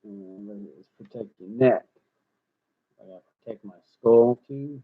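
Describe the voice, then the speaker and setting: A man writing rap lyrics aloud, rapping short lines and then muttering quietly to himself between them. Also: medium pitch, unhurried, slightly rough. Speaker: rapper. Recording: tinny phone-like recording.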